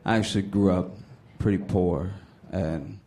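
A man in his thirties from Louisiana doing a stand-up set, telling stories with acted-out voices and shouted punchlines. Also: low voice, a little slow. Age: 30s. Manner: animated storytelling, acting out voices, building to shouted punchlines. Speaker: stand-up comedian. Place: theater stage. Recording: live stage with audience noise.

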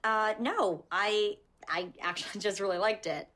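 A woman's voice: mid-range voice, a bit bright, lightly acted. Young actress as a wry, sardonic teen girl. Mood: casual. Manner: dry, quick comebacks with little laughs. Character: sharp, sardonic teenage girl. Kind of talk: TV drama acting.

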